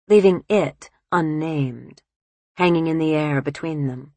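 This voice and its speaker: A woman narrating an audiobook in a measured, even reading voice. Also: sits low, dry recording.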